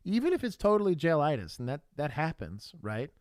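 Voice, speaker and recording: A man with a Texan accent, a former cop co-hosting a casual livestream and explaining police work with lively laughter. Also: fairly high pitch, a little fast, no room sound. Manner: laughing, animated, explaining in plain terms. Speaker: podcast co-host, former police officer.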